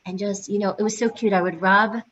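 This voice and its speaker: A woman's voice: medium pitch, steady tone, fast, fairly bright tone. Chatty woman teaching prenatal yoga. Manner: chatty, with many fillers and laughs. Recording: dull lo-fi sound with faint noise.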